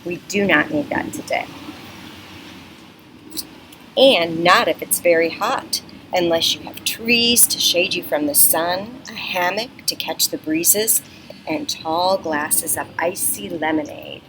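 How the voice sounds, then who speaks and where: A woman's voice: on the low side, takes it slowly, background noise. A woman librarian reading a picture book aloud to children on a front porch, coaxing and teacherly, recorded on a computer. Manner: animated, teacherly, coaxing young listeners. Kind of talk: children's storytime read-aloud. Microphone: computer webcam. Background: neighborhood sounds.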